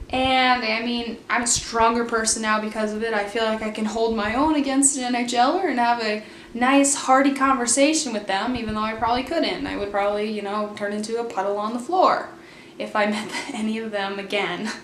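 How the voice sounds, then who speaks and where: A young woman telling a story in a casual, chatty way, with lots of fillers and quotes acted out in a higher voice. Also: brisk, echoey room, a little hiss or hum. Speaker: vlogger.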